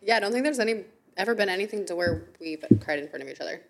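A woman's voice: medium pitch, lively intonation, very fast, creaky. A woman co-hosting a podcast, mostly listening and chiming in with short supportive replies. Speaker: podcast co-host. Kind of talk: casual chat.

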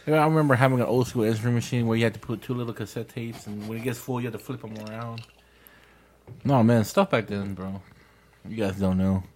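A man's voice: medium pitch, fast, darkish tone. A man in his thirties hosting a casual podcast, rambling and nostalgic as he tells stories. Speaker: podcast host. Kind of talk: casual chat.

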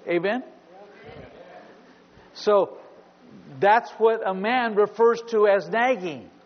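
A middle-aged male pastor with a high voice delivers a humorous sermon at a slow pace, acting out little scenes in asides. The recording sounds dull and carries a long hall reverb.

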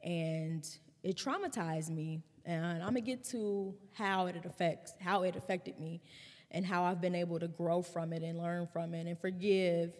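A woman in her thirties hosting a podcast, telling a personal story in a candid, animated way. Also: lowish voice, measured pace, big-room sound. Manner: candid, animated retelling with laughs and swearing. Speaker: podcast host.

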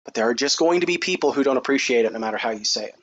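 A man preaching a sermon who reads scripture in a raised, high voice and then talks to the congregation in a casual way. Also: animated, rapid-fire, a bit bright. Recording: dull, lo-fi recording with faint noise.

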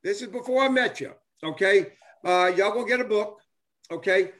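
A man's voice: high-pitched, moderate pace, fairly bright tone. An older man, a former ballplayer talking casually and enthusiastically, rambling with many restarts and fillers. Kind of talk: casual chat on a live stream.

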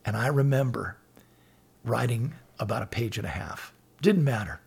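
A middle-aged man on a faith talk show earnestly recounts personal stories as a podcast guest, citing scripture and voicing other people's lines. His medium-pitched voice is expressive, gravelly, a little mellow, and breathy-edged, at a moderate pace.

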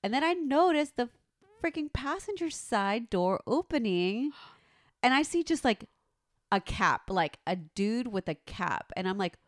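A woman tells a story in casual chat, acting out every line people said and swearing as she goes. Her voice is a little high and swings widely in pitch. The sound is dry, with no room echo. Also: a little slow. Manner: animated, swears freely, acts out quotes.

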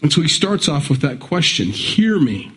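A male pastor delivering a sermon in an easy, conversational way. He reads scripture aloud plainly and climbs higher in pitch when he voices urgent appeals to his listeners. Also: brisk, fairly bright tone. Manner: conversational preaching that rises in pitch for emphatic quoted pleas.

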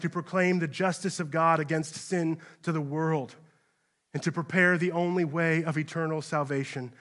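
A man, a pastor, preaching a sermon in a church, speaking straight to his listeners with rhetorical questions and swinging between hushed, grave passages and raised, urgent ones. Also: on the high side.

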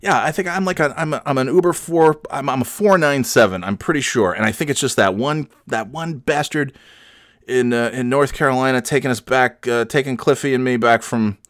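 On a dry studio recording, a young podcast host speaks in a mid-range voice at a fairly quick clip. He's casually spinning meandering, foul-mouthed yarns and poking fun at himself.

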